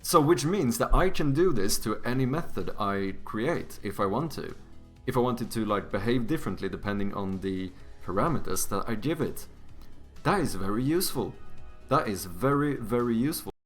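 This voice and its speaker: A man's voice: medium pitch, expressive, normal speed, faint music behind. Joking young man live-streaming. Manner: joking, self-deprecating, swears freely. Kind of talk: casual live-stream chat while coding. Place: home streaming setup.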